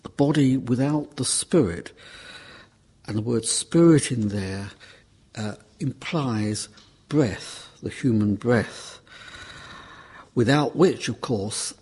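A man giving a Bible class talk in a measured, emphatic preaching style, repeating key words for stress. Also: mid-range voice, darkish tone, breathy edge. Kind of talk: sermon.

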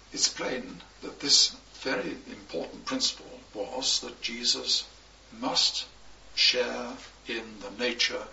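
A man preaching a sermon, slow and emphatic, with measured pauses between phrases. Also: medium pitch, vocal fry, bright, forceful tone, a little hiss or hum. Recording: echoey, distant, dull recording.

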